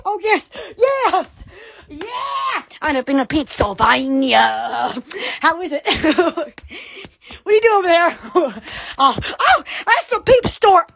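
Very high-pitched, excitable Southern woman. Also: slow pace, creaky. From Alabama. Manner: excitable, gushing, constant exclamations and laughter. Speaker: live-stream host. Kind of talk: casual live-stream chat.

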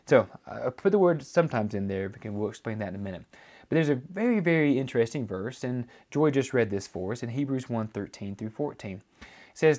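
A man's voice: mid-range voice, expressive, brisk, darkish tone. Man, pastor, teaching sermon, mid-range voice, loose explanatory delivery, fillers. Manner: explanatory, frequent fillers and restarts.

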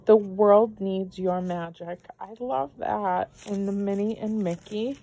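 A woman's voice: lowish voice, dark tone. A woman vlogger opening mail from friends, gushing and effusive and moved to tears as she talks. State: tearful. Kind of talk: casual unboxing chat.

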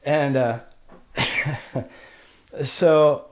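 A middle-aged man from Washington State, a pro snowboarder, telling stories as a podcast guest and acting out the voices in them. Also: extremely slow. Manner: animated storyteller who acts out quotes with jumps in pitch and loudness. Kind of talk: casual storytelling interview.

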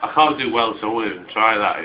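A man's voice: lowish voice, quick pace, slight background noise. Rambling tipsy man at home. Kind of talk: casual chat on home video. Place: home at night. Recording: dull home video, 80s radio playing.

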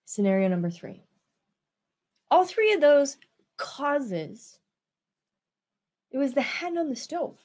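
Woman coach talking to her viewers, kinda high voice, stretches her words out. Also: darkish tone. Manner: unhurried, drawn-out words, asks listeners if they follow. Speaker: business coach. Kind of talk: casual talk to camera.

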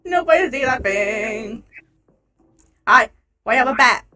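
A woman's voice: fairly high pitch, animated, measured pace, bright, forceful tone, faint music behind. A young woman in a game roleplay, talking in a panicky, shrieking, giggly way. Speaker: roleplay player. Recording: heavy background noise.

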